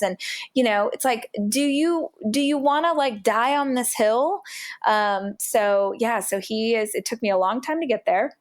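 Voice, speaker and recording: A woman's voice: on the high side, measured pace. A woman guest on a podcast, telling her story in a candid, emphatic and chatty way. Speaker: podcast guest, business founder.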